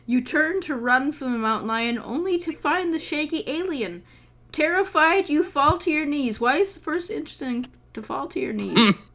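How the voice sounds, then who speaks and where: A woman's voice: high voice, expressive, normal speed, fairly bright tone. A woman acting as game master, reading a gamebook aloud to friends and cutting in with sarcastic, exasperated asides.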